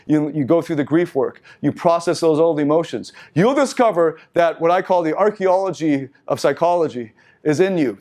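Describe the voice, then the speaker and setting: A man's voice, on the high side and a little mellow, carries a seminar in a meeting room. He lectures from slides, reading passages aloud and following each with casual riffs and asides.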